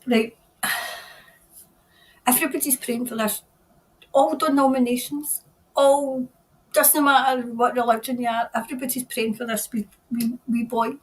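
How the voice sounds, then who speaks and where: Earnest tarot reader, woman, middle-aged, higher voice, halting delivery, repeats herself. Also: fairly even intonation, rough recording. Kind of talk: spontaneous psychic reading.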